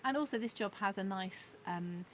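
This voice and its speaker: A woman's voice: mid-range voice, moderate pace, a little hiss or hum. A woman, a forest school leader, talking candidly and chattily on a podcast with lots of fillers. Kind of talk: casual podcast chat.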